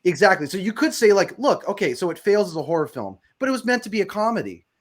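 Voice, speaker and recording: A man's voice: sits high, sing-song, fast. A man talking as a guest screenwriter in a casual film discussion, rambling and emphatic, swearing freely.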